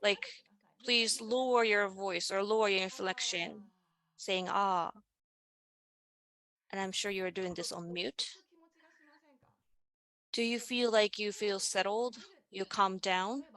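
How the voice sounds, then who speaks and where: A woman presents over a video call, her mid-range voice unhurried and deliberate. She explains each idea step by step and leads her listeners through simple vocal exercises. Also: medium pitch, fairly even intonation, a bit bright. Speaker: presenter in a panel dialogue. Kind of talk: online presentation on voice and music.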